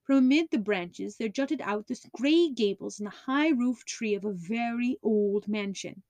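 A woman narrating a classic story as an audiobook reader, in an even, clear storytelling voice. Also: fairly high pitch, measured pace, dry recording. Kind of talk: scripted narration.

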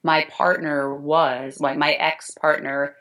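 A middle-aged woman with a low voice tells her story as an interview guest. She speaks earnestly and with feeling, often restarting her sentences mid-thought. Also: level tone, slow, fairly bright tone, poor audio. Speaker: guest, dance teacher. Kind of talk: emotional interview talk.

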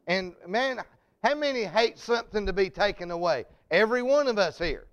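A man preaching a fervent sermon, calling out to the congregation and building to shouted peaks. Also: high-pitched, lively intonation, normal speed, clear, resonant tone, muffled recording.

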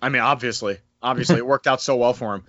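A man co-hosting a casual wrestling recap podcast, talking animatedly and slipping into excited impressions now and then. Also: mid-range voice, fast, no room sound, lo-fi sound. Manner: animated, breaks into excited mimicry. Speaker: podcast co-host.

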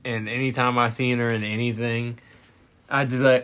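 A man's voice: medium pitch, level tone, moderate pace, a bit bright. A man co-hosting a podcast, talking in a casual, profane, sarcastic ranting way. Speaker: podcast co-host. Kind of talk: casual chat. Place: Newport, Kentucky area.

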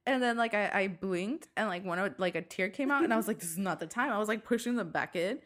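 A young woman co-hosting a podcast, chatting casually and telling stories with excitement and frequent swearing. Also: mid-range voice, fast talker. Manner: excited, swears freely, storytelling. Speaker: podcast co-host. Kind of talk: casual chat.

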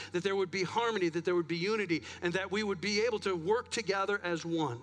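A man's voice: high-pitched, moderate pace, a bit bright, soft background music. A man pastor preaching a sermon in a church, chatty and self-deprecating, a bit out of breath. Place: church sanctuary.

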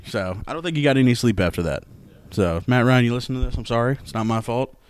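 A man's voice: mid-range voice, fast talker, dry recording. A young man hosting a casual sports podcast, telling stories loosely with lots of swearing and laughter. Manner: loose, profane, storytelling, laughs often. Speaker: podcast host.

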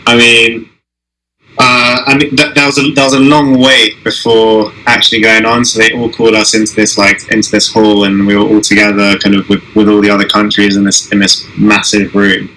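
A young man being interviewed, talking casually with many restarts and pauses. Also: on the low side, little pitch movement, bright, forceful tone, a little hiss or hum, poor audio. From Israel. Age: young adult. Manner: halting, many restarts and "I mean". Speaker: guest, Olympic alpine skier.

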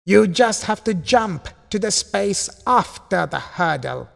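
A kind, tender old rabbit uncle, voiced by a man in a storybook, with a slow, soothing delivery. His voice is gravelly and heavily reverberant. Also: high-pitched, expressive, fairly bright tone, pitched above the performer's own voice, full character voice. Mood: encouraging. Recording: long hall reverb.

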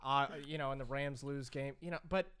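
A young man co-hosting a casual sports podcast, laid-back and halting, laughing at himself. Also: medium pitch, fairly even intonation, fairly bright tone, slight background noise. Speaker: podcast co-host. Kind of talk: casual chat.

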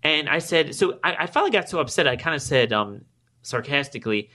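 A man hosting his own political podcast, talking alone to his listeners, growing emphatic and climbing higher when he gets indignant, and acting out both sides of past conversations. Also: lively intonation, brisk, bright, forceful tone. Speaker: podcast host. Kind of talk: political commentary monologue.

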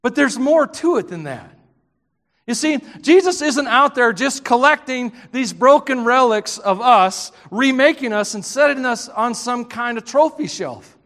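High-voiced Southern preacher in a reverberant hall. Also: male voice, measured pace. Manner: animated, joking storyteller who bursts into shouts. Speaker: pastor. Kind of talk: sermon.

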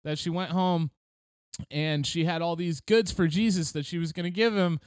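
High, smooth-voiced man telling a silly story. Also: steady tone, moderate pace, no echo, clean studio sound. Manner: storytelling with silly put-on quotes, laughs often. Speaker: podcast co-host. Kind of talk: casual comedic chat.

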